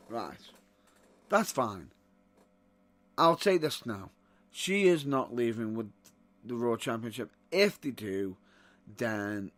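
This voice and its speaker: A man hosting a podcast and ranting in exasperation, rising to loud outbursts. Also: medium pitch. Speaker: wrestling podcast host. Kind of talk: opinionated commentary.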